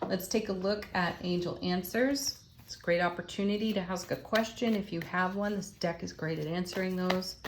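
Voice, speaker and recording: A woman's voice: lowish voice, steady tone, moderate pace, few pauses, background noise. A woman giving a spiritual tarot reading, enthusiastic and affirming as she exclaims over the cards. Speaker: tarot reader.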